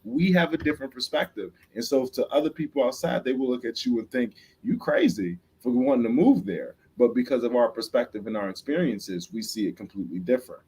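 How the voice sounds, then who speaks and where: A man's voice: medium pitch, fast talker, few pauses, darkish tone, breathy edge. A man from the Midwest talking as a love coach on a podcast, emphatic, often restarting phrases and coaxing the listener to see his view. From Chicago, US Midwest. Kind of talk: podcast interview talk.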